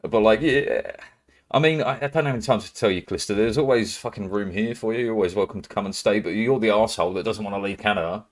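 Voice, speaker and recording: A man's voice: on the low side, rapid-fire, hardly any pauses. A British man chatting casually to his live-stream viewers, rambling, swearing freely and laughing often. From Britain. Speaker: livestreamer.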